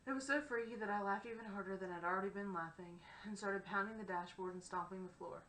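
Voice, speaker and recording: A woman's voice: mid-range voice, fast, fairly bright tone. A woman narrating a first-person novel in a wry, conversational way. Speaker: audiobook narrator. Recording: roomy echo, faint background hiss.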